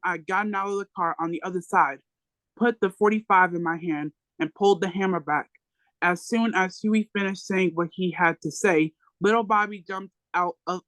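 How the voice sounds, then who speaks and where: A book club reader works through a memoir aloud at a plain, steady pace, pausing now and then to fix a slipped word. The voice sits in an ordinary middle pitch. The sound is dry and close, with no room around it. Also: dry recording, poor audio. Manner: plain steady reading with occasional self-corrections.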